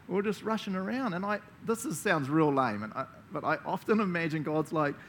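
A man's voice: on the high side, expressive, moderate pace, a bit bright, slight background noise. Enthusiastic New Zealand pastor, man. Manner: enthusiastic, chatty, laughs often. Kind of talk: conversational sermon.

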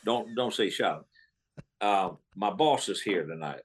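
A man doing an impression of a gruff, street-talking middle-aged football coach in a low, growly voice. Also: lively intonation, normal speed. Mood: complaining.

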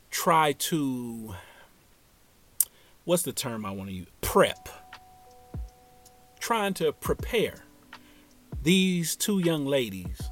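A man from Ohio telling a story in a casual, slangy way, acting out the other people in it. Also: mid-range voice.

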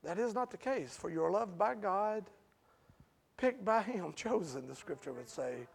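Guy preaching a sermon, kinda high voice, gravelly and husky, chatty with the crowd then gets loud. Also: expressive, unhurried. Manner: conversational, asks the congregation questions, builds to loud emphatic peaks.

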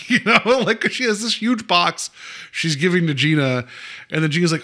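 Male podcast co-host, slightly higher voice, rambling casual review. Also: lively intonation, a little fast, fairly bright tone. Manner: rambling, many fillers, acts out quotes. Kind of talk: casual chat reviewing an episode.

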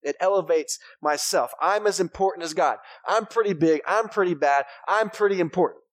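A man's voice: high-pitched, moderate pace, no room sound. A man, preaching a sermon as pastor in a conversational, joking way with his congregation.

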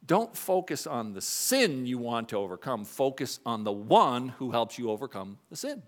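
A pastor in his fifties preaching a sermon in a church, shifting between quiet confessional moments and raised emphatic points. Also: moderate pace. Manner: animated preaching, swings between soft confessional lows and raised emphatic highs. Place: church sanctuary.

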